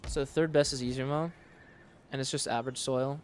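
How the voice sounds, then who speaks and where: A man streaming a strategy game, commenting casually and thinking aloud in a relaxed, matter-of-fact way on a studio microphone. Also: mid-range voice, brisk, slight background noise. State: sleepy, yawning. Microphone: studio dynamic mic.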